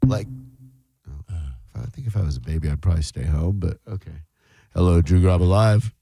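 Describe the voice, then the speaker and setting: A man hosting a radio call-in show, joking dryly and firing back quick comebacks at callers. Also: low voice, vocal fry, warm tone, husky, no room sound. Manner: wisecracking, dry and quick with comebacks. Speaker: radio host taking calls. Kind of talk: casual radio talk show banter.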